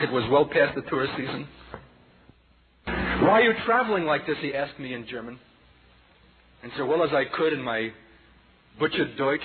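Impassioned man preaching on tinny tape. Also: medium pitch. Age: 40s. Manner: impassioned and dramatic, swinging between hushed and loud. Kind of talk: personal testimony sermon. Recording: tinny lo-fi sermon tape with audience noise.

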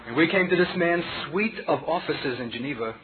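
This Brooklyn-accented preacher sounds a little high, animated and slightly quick as he dramatizes a story, shifting from booming to hushed while addressing the congregation as children. Crowd noise comes through on a thin, phone-like recording with an audience.

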